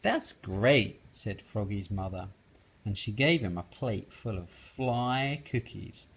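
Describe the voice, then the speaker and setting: Slow, husky father reading aloud. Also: fairly low pitch, low-quality recording. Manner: slow, gentle, lively storyteller. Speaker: father reading to his daughter. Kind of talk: bedtime storybook reading.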